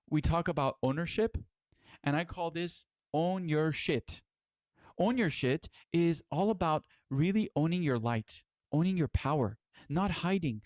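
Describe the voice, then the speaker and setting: A man's voice: a little high, a little mellow, dry recording, clean studio sound. A middle-aged man giving a spiritual lecture as its teacher, earnest and exhorting, with casual swearing.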